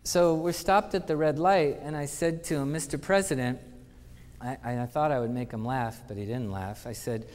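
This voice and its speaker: A man speaking at a conference, spinning lively anecdotes and acting out the people he quotes. His mid-pitched voice carries the long reverb of a big hall. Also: moderate pace, few pauses. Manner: animated anecdotes with acted-out quotes. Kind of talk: storytelling conference talk.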